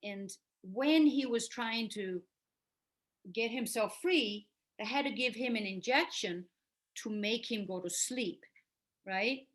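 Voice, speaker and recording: A middle-aged mother speaks earnestly, explaining step by step and checking in with her listeners as she goes. Her voice sits a little high. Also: slow. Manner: earnest, explaining with questions and "right?". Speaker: mother and host. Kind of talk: casual talk to camera.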